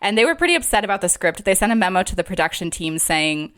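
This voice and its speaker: A woman's voice: mid-range voice, very animated, quick pace, a bit bright. A woman hosting a film podcast, asking her guests curious questions in a casual way. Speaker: podcast host.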